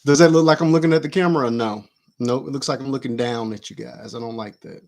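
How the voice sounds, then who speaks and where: A man's voice: mid-range voice, fast, a little mellow. A man hosting a casual livestream from his home, chatting and muttering to himself as he adjusts his camera, picked up by the camera mic. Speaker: livestream host. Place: at home, indoors.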